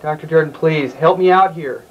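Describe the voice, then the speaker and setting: A man's voice: a little high, normal speed, muffled recording, noisy background. A young man who is a medical resident, flustered and stammering in an amateur comedy sketch. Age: young adult. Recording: echoey amateur camcorder audio.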